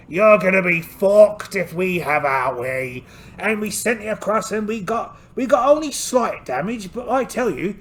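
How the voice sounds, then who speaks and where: A man voicing a cheerful, blustering one-eyed pirate captain, narrating a solo tabletop game in character with theatrical, exclaiming delivery and a gravelly voice. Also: high voice, full character voice. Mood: rousing.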